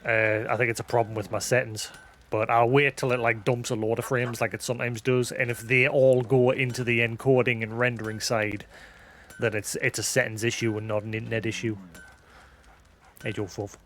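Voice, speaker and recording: A man's voice: medium pitch, level tone, a little fast, fairly bright tone, a little hiss or hum. A man who hosts a live stream, chatting casually, rambling and self-deprecating, thinking aloud with many restarts. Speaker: livestream host.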